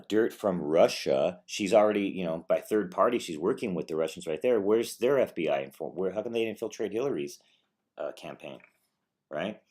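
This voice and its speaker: A man's voice: fairly low pitch, a little mellow. Profane sarcastic man ranting politics. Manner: profane, sarcastic, mocking voices, rambling. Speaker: political commentary vlogger. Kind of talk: casual ranting commentary.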